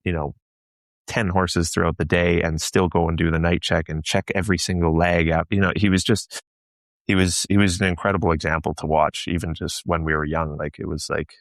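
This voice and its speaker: A man's voice: sits low, flat delivery, brisk, no echo. A man from Canada, a show jumping guest, talking reflectively in a casual podcast chat with frequent restarts. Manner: reflective, many restarts and fillers.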